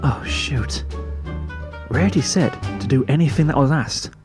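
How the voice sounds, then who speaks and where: A man's voice: medium pitch, a little slow, music in the background, lightly acted. A man reading a fan story, voicing a young unicorn filly who is dry and put-upon. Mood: sarcastic. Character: sarcastic young unicorn filly, shopkeeper sister.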